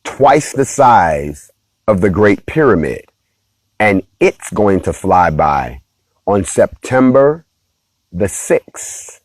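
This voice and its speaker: A man's voice: fairly low pitch, takes it slowly, dry recording. Man chatting animatedly to his viewers, dry sound. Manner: animated, playful, addresses viewers as y'all. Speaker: host of a talk stream. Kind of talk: casual monologue to viewers.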